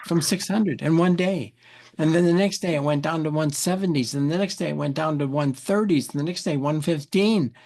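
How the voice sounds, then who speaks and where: A man, an interview guest, telling an animated story, often repeating words and acting out what people said. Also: on the high side, a little fast. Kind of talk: anecdotal storytelling.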